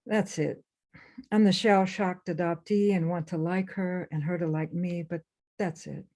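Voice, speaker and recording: A woman author reading her own memoir aloud for a webinar, in a measured, intense first-person delivery. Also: lowish voice, steady tone, dark tone. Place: remote webinar.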